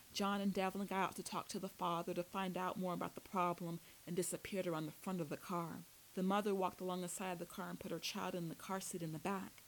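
A woman reading a first-person novel aloud as an audiobook narrator, with steady storytelling delivery. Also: medium pitch, a little hiss or hum, low-quality recording.

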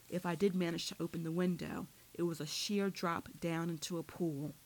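A woman narrating a first-person audiobook in a steady, descriptive storytelling manner. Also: lowish voice, poor audio.

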